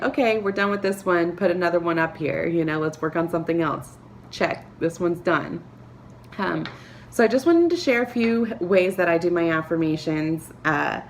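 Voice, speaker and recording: A woman talking to camera, giving earnest, encouraging advice with soft laughs and filler words. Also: lowish voice, a little hiss or hum. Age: adult, a parent. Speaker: vlogger. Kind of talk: motivational talk to camera.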